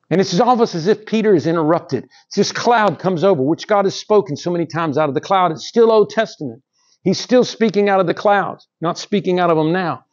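A middle-aged male preacher delivers a sermon in an animated way, climbing high and dropping low in pitch and calling out to the congregation. His voice sits a little high for a man. The sound is dull and lo-fi, as from a church recording. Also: fairly quick. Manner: animated preaching, rises and drops in pitch, asks the congregation "Amen?". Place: church sanctuary.

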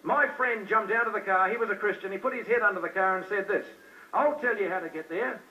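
A man's voice: high-pitched, quick pace, sharp tone, a little hiss or hum. A man preaching an evangelistic sermon to a hall, repeating himself and firing questions at the crowd. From New Zealand. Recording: distant, dull old live recording.

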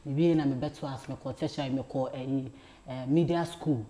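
Lively Ghanaian woman telling a story. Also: rumbling low, a little fast. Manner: animated, repeats words, laughs while telling. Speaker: talk show guest. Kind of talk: casual storytelling chat.

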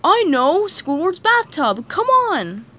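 A woman's voice: extremely high pitch, big pitch swings, slow pace, sharp tone, voice pushed up, exaggerated voice. A woman reading a storybook aloud, voicing a cheerful, dim, laid-back male starfish who talks surfer slang. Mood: eager.

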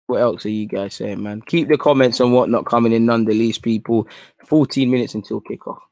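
A man hosting a live stream in casual chat. He is slangy and rambling, and he shifts between low mutters and excited outbursts. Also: brisk, vocal fry, no room sound, studio quality.

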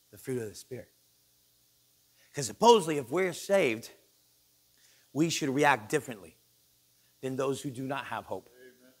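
A male pastor delivers an animated, joking sermon in a church and acts out the people he quotes. His voice sits a little high for a man and swings widely in pitch. The tone has a slightly husky edge.

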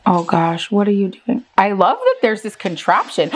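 Animated woman reacting to clips. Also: a little high, a little slow, a little hiss or hum. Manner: animated, exclaiming, laughing. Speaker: reaction video host. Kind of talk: reaction commentary.

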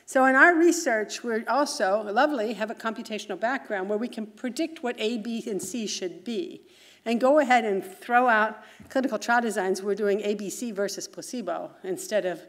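Chatty woman lecturing in a hall. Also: mid-range voice. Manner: brisk, chatty, self-interrupting with asides. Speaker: physician and researcher. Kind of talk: conference lecture. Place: large conference hall.

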